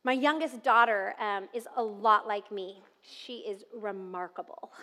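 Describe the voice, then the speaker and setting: A woman in her thirties preaching a sermon, telling family stories and dropping to soft, tender tones. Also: fairly high pitch, slow. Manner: warm storytelling with soft tender asides and laughs. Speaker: pastor. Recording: long reverb of a large hall.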